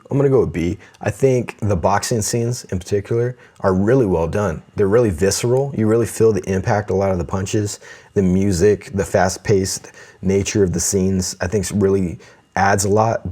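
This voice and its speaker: A man's voice: sits low, a little mellow. A man co-hosting a casual podcast, grading a movie and leading the chat, often restarting his phrases. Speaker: podcast co-host.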